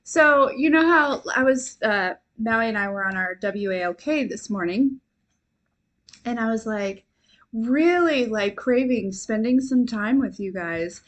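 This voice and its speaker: A young woman hosting a live stream, chatting warmly and rambling, giggling and at times tearful with gratitude. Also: on the high side, animated, unhurried. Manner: chatty, rambling with many fillers. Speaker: livestream host and intuitive reader. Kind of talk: casual livestream chat.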